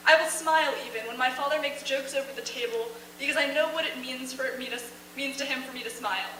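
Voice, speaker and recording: A woman's voice: high-pitched, pushed and bright, distant mic. A young woman student earnestly reading her own emotional first-person story aloud on a theater stage. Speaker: student reader at a showcase. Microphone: far camera in audience. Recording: echoey theater taped from afar, faint hum.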